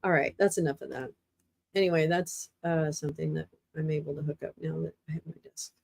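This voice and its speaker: A woman's voice: low voice, fairly even intonation, a little fast, vocal fry, darkish tone. A woman hosting a livestream in casual chat, thinking aloud as she tries out gadgets at her desk. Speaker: livestream host. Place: at her desk, home streaming setup.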